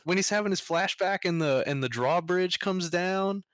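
A man's voice: high voice, moderate pace, a bit bright, no room sound. A man co-hosting a casual gaming podcast, talking hesitantly and repeating words as he gathers his thoughts. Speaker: podcast co-host.

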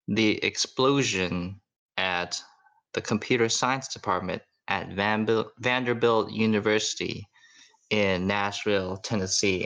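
A man's voice: fairly low pitch, creaky, bright, forceful tone. A man narrating a tabletop role-playing game as its game master, loose and casual with lots of fillers.

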